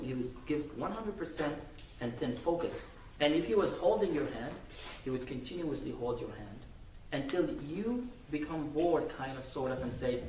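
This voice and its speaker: Male preacher, animated storyteller, slightly high voice, recorded from a distance in a reverberant hall. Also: a little hiss or hum. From United States. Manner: animated, acts out little scenes, laughs often. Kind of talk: Friday sermon. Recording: echoey room from far off.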